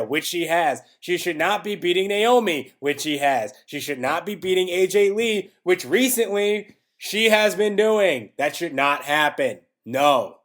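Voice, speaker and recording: A man talks through a casual solo review in a slightly high voice. He rambles and leans on filler words. His tone turns exasperated as he goes. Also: fairly bright tone. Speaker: wrestling podcast host.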